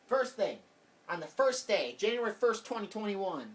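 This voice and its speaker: A man's voice: high voice, animated, normal speed, fairly bright tone. A man vlogging a heated, rambling political rant, repeating himself as he talks. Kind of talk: casual political rant to camera. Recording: voice distant from the mic.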